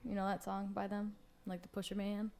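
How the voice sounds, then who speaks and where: A woman's voice: mid-range voice, level tone, brisk, gravelly, a little mellow, slight background noise. A young woman guest on a podcast, chatty and giggly, telling stories with lots of filler likes. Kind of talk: casual chat.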